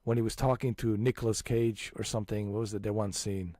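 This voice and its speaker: A man in his forties chatting casually as a channel host, animated and emphatic, restarting his sentences often. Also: on the low side, a little fast, no echo, studio quality. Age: 40s. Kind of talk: casual chat.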